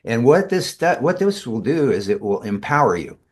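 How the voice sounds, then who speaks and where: A man's voice: medium pitch, sing-song, moderate pace, husky. A man, a tai chi teacher, telling rambling stories as a guest in a casual interview, with many fillers and restarts.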